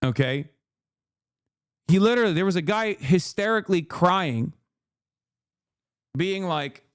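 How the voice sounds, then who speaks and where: Guy streamer ranting, lots of swearing, keeps going okay?, kinda high voice, dry close sound. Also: expressive, measured pace, long pauses, clean tone, no room sound. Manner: profane, emphatic, keeps asking "okay?". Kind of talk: casual commentary rant.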